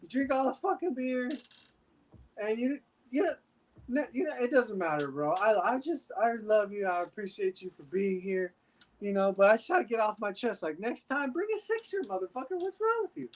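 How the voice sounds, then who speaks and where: A man voicing a tipsy, emotional man who scolds a cousin at a family party with loud, bantering, affectionate insults. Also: sits high, very animated, moderate pace, muffled recording, voice pushed up. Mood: tipsy scolding.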